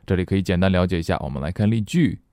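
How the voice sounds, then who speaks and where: A man's voice: deep voice, rapid-fire, a little mellow, no room sound, clean studio sound. A middle-aged man teaching English in a friendly audio lesson, explaining playfully and joking about himself.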